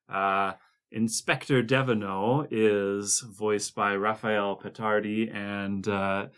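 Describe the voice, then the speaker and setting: Low-voiced man chatting on a podcast. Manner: chatty and explanatory, with frequent restarts and fillers. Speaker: podcast co-host. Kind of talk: casual discussion of a cartoon series.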